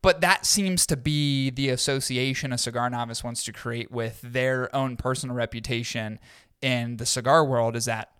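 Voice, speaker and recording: A man's voice: mid-range voice, steady tone, moderate pace, fairly bright tone, smooth, no echo, studio quality. A man co-hosting a podcast in casual chat, blunt and profane, mocking people by putting on silly voices. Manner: blunt, swearing, mocks people in put-on voices. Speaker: podcast co-host.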